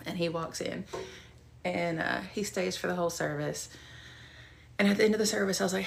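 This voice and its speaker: A woman's voice: fairly low pitch, steady tone, fairly quick, vocal fry, slight background noise. A woman, leading a casual Bible study at home and telling her testimony in a chatty, rambling way. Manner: chatty and rambling, with many fillers. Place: at home, with a cat nearby.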